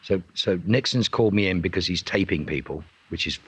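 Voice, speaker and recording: A middle-aged man, a guest actor, telling anecdotes in a lively way and acting out what other people said. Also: deep voice, fairly quick, husky, dry recording. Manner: lively storyteller who acts out other people's lines. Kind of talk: anecdotal storytelling. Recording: dull lo-fi recording.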